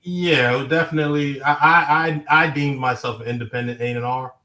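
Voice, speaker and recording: A man from Harlem with a New York accent, a musician being interviewed, laid-back and quick to laugh. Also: medium pitch, steady tone, sharp tone, low-quality recording. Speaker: guest, musician and producer. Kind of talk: casual interview.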